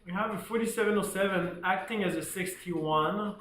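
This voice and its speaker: Male stream host, bright forceful voice, lively trading commentary, echoey room with faint music behind. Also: sits high, moderate pace. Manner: energetic, repeats "guys", laughs often.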